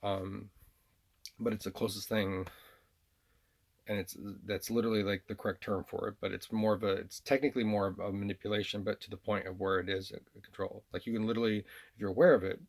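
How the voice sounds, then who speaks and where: A man's voice: lowish voice, steady tone, a little fast. A man from the American South talking in a rambling personal monologue, hesitant, repeating himself with lots of fillers and restarts. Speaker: vlogger.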